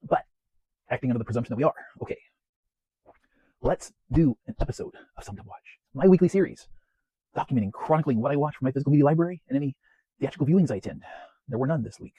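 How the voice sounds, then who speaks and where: A man hosting his weekly home-media vlog in a chatty, self-deprecating way, often clearing his throat. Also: medium pitch, animated, fast, long pauses, no room sound, highs cut off. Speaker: home media collector vlogger. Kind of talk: casual rambling vlog. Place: home, West Coast of the US.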